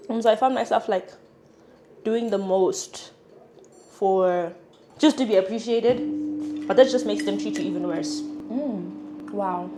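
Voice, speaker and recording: Chatty young woman with sudden loud bursts. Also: a little high, a little hiss or hum. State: sniffling. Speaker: vlogger. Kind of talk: casual chat while cooking and eating. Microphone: clip-on mic.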